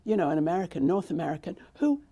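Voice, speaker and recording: A woman's voice: on the low side, big pitch swings, quick pace, warm tone, breathy edge, muffled recording. An older woman with a British accent, telling her story in a rambling, conversational way during an interview. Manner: rambling, with frequent restarts and asides. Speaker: interviewee, theatre founder.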